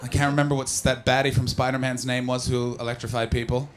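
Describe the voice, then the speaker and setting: A man's voice: medium pitch, little pitch movement, fast, noisy background. A man doing stand-up crowd work on a comedy club stage. He is brash and profane, and he teases audience members. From not from the UK.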